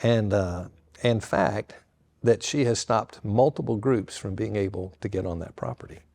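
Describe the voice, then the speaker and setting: An older man, a pastor retelling a story with lively quoted dialogue to an audience. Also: fairly low pitch, moderate pace, gravelly.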